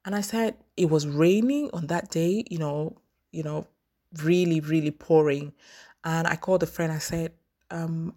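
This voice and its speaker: A young woman from Cameroon telling a personal story and giving career advice in a casual, animated vlog, often acting out phone calls. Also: low voice, unhurried. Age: young adult. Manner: animated, acts out phone calls, frequent restarts and fillers.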